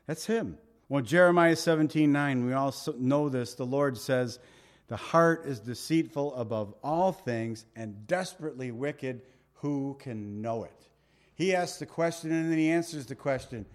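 A man preaching a verse-by-verse Bible sermon, retelling the story with animated, conversational storytelling and slowing down to read scripture aloud. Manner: animated storytelling, reads scripture slowly, drops low for emphasis. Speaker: pastor.

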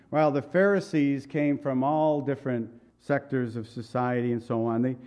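Emphatic preaching man, slightly high voice. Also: dark tone, highs cut off. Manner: conversational and emphatic, full of rhetorical questions. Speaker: pastor. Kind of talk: sermon.

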